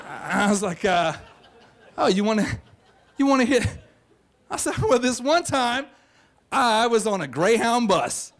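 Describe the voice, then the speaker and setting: A man telling a comic, self-mocking true story on stage to a live audience, in a brash, boastful way. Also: fairly high pitch.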